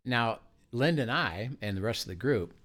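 A man's voice: mid-range voice, animated, normal speed, a bit bright. A man who leads Christian retreats, telling a story in an earnest conversational way, with many "uh"s and "you know"s.

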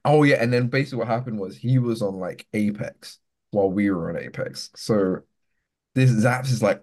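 A man's voice: fairly low pitch, a little fast, a little mellow. A man co-hosting a podcast, teasing his friends and telling stories in casual chat. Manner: teasing, storytelling banter. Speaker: podcast co-host.

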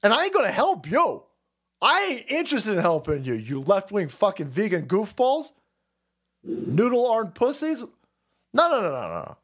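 A man's voice: sits high, fairly bright tone. A man ranting on a livestream, profane and heated, with frequent stammering restarts. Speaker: streamer. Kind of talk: livestream rant.

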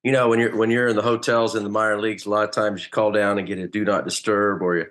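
A middle-aged man, a former pro ballplayer, telling stories as a guest in a relaxed, anecdotal way and acting out quotes. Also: on the low side, fast talker. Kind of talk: casual interview storytelling.

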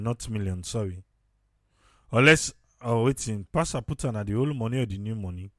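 A man with a Sierra Leonean Krio accent giving casual political commentary, animated and repeating phrases for emphasis. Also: on the low side, normal speed, dry recording, studio quality.

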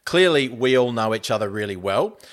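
A man with an Australian accent, co-hosting a podcast and introducing segments in a relaxed, jokey way. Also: mid-range voice, a little fast. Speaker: podcast co-host. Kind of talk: casual podcast chat.

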